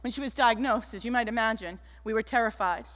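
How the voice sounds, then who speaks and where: A woman giving an animated keynote talk on stage, telling stories and acting out the people in them. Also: on the high side, quick pace. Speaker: keynote speaker. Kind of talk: motivational stage talk with storytelling. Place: large auditorium stage. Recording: echoey auditorium.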